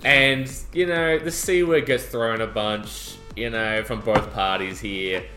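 A man's voice: mid-range voice, slow, music in the background. A young man, co-hosting a podcast and jokily recounting a night out in casual chat. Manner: animated, jokey, swears freely. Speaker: podcast co-host. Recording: echoey room.

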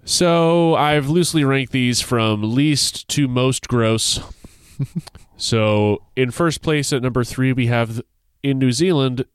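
A man with a smooth, resonant voice hosts a casual podcast chat, playful and quick to laugh. He is recorded close and dry, with almost no room sound. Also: medium pitch, no room sound. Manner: playful, laughs often, reads excerpts aloud. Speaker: podcast co-host presenting a segment.

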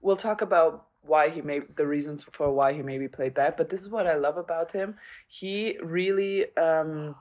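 A woman's voice: low voice, moderate pace, highs cut off. A woman co-hosting a tennis podcast, chatting casually and analytically and laughing easily. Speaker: podcast co-host, former player.

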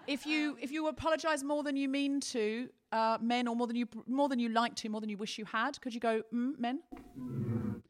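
A woman's voice: a little high, lively intonation, moderate pace. A woman co-hosting a comedy podcast on a theatre stage, telling stories animatedly and acting out the people in them. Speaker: podcast co-host. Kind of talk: live comedy podcast chat before an audience.

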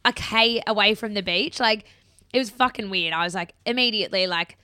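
A woman's voice: medium pitch, fairly quick, sharp tone, clean tone, no room sound, clean studio sound. A young woman with an Australian accent, casually telling a story as a podcast co-host, chatty and swearing freely.

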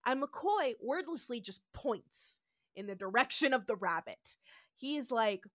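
Bright high-voiced woman podcaster, goes all over the place pitch-wise, dry close mic. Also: measured pace, no echo. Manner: laughing, animated storyteller who acts out quotes. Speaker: podcast co-host. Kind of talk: casual chat.

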